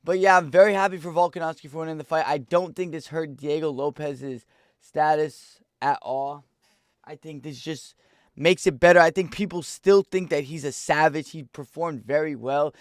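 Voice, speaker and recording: A young man giving a casual, excitable fight reaction, rambling in slang. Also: fairly high pitch, normal speed, no echo, clean studio sound. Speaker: MMA reaction YouTuber.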